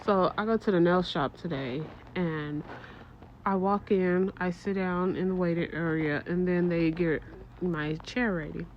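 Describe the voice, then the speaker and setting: A middle-aged woman telling a casual story to her viewers, animated and swearing, with exaggerated disgust. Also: fairly low pitch, a little slow, highs cut off, slight background noise.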